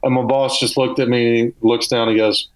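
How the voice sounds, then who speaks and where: A man's voice: medium pitch, flat delivery, moderate pace, rough recording. A young man with a Southern US accent, a comedian telling loose, self-deprecating stories as a guest in a casual podcast interview.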